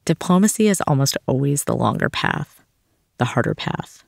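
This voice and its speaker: A man's voice: medium pitch, lively intonation, moderate pace, gravelly, dry recording, clean studio sound. A man hosting a podcast, telling a story in scripted documentary narration with a wry touch. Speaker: podcast host.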